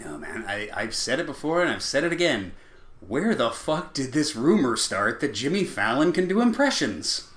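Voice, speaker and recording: A man's voice: medium pitch, very animated, moderate pace, fairly bright tone. A man co-hosting a podcast, chatting casually and sardonically while reviewing a sketch. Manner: sardonic, swearing freely. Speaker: podcast co-host. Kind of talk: casual comedy review chat. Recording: roomy echo.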